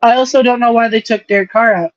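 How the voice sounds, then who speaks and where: A woman's voice: on the high side, fast, no room sound. A woman co-hosting a podcast, chatting casually and swearing freely as she calls out plays from a football game. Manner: profane, running play-by-play remarks. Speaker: podcast co-host. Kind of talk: casual chat while watching football. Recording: dry, dull lo-fi sound.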